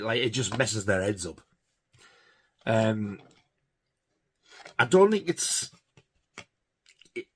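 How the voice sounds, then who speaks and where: A man's voice: medium pitch, fairly bright tone, husky. A man giving a casual, rambling film review, hesitant with many fillers. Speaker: film collector reviewing horror films.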